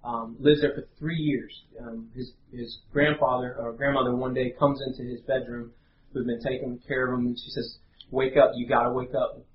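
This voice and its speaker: A man, preaching a sermon in an earnest, halting way with many fillers. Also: medium pitch, level tone, slight background noise. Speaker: pastor. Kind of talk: sermon with prayer and storytelling. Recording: roomy, slightly dull live recording.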